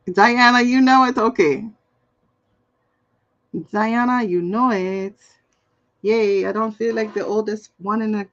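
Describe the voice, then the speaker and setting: A woman's voice: mid-range voice, a little mellow, muffled recording. A woman in her forties hosting a casual tarot live stream, chatty and playful, reading chat comments aloud and laughing often. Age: 40s. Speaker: tarot card reader, livestream host.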